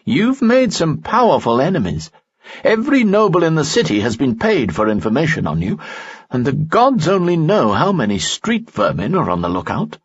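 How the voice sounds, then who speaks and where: A man voicing a wry, knowing middle-aged informant, his voice raised above his own narration, with a husky sound on a dull, lo-fi recording. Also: a little high, wildly swooping pitch, normal speed, pitched above the performer's own voice, exaggerated voice.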